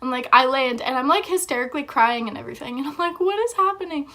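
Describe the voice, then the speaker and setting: A woman's voice: sits high, fast, bright, forceful tone. A young woman vlogger telling a story in a chatty, casual way, with lots of filler words.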